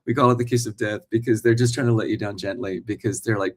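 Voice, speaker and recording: A working actor in his forties hosts a relaxed live morning stream, chatting directly with viewers and reading out their comments. His medium-pitched voice is gravelly, brisk, and fairly even in intonation.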